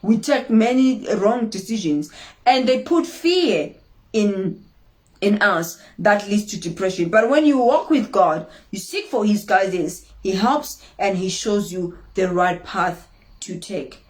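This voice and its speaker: A woman's voice: medium pitch, animated, slow. A woman hosting an inspirational talk, speaking with emphatic repetition and acting out dramatic quotes. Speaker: inspirational show host.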